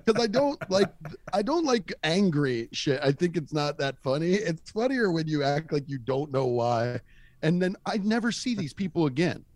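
A man's voice: a little high, normal speed, no room sound. A young man telling a funny story in casual chat, laughing as he goes. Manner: animated, laughing through his stories. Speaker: comedian guest.

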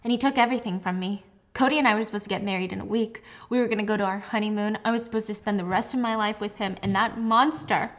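A woman voicing a traumatized young woman patient, crying as she haltingly tells her story. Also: medium pitch, steady tone, lightly acted. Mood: distraught. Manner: halting, emotional retelling.

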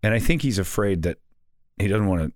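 Deep-voiced sarcastic man, lively delivery. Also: brisk, dry recording, studio quality. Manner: sarcastic, mocking, slips into mock voices. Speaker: podcast co-host. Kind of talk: casual banter.

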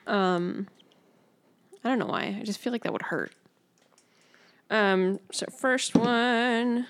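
Slow-talking woman playing a tabletop game. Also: on the high side, clean tone. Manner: laughing, swearing, talking through dice rolls. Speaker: player. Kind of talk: casual tabletop game play.

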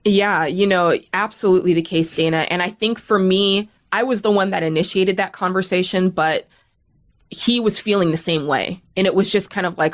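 A woman's voice: fairly low pitch, moderate pace. Emphatic woman telling her story. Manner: emphatic, animated when retelling. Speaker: guest, radio co-host. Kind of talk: candid conversational storytelling.

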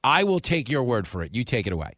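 A man hosting a call-in radio show, teasing his callers in a jokey, quick way. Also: medium pitch, big pitch swings, fairly bright tone, no echo, studio quality. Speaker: radio talk show host. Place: radio studio.

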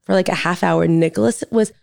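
A woman's voice: on the low side, a little fast, creaky, a little mellow, dry recording, clean studio sound. A woman in her thirties co-hosting a podcast, chatting casually and gushing about her son, with lots of "like" fillers. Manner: gushing, talks with many "like" fillers. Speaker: podcast co-host. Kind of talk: casual chat.

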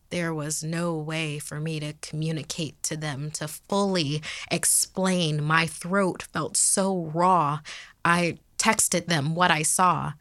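Low, slow woman telling a ghost story. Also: a bit bright, dry recording, studio quality. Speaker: host and storyteller. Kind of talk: reading a ghost story aloud.

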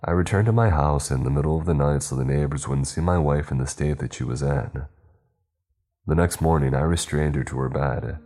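A man narrating a scripted horror story in the first person, in a steady, even storytelling way. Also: a bass voice.

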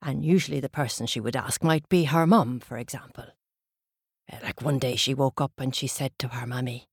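A woman storyteller telling a myth to children with slow, dramatic pauses. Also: a bass voice, husky, no room sound, clean studio sound.

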